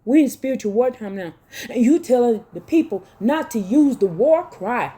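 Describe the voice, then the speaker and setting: A woman with a high voice delivers a fervent sermon, reading scripture aloud between her own words. She scolds her listeners, repeats phrases over and over, and cries out. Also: lively intonation, moderate pace, dark tone, slightly rough. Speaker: preacher. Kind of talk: impassioned street-style sermon with scripture reading.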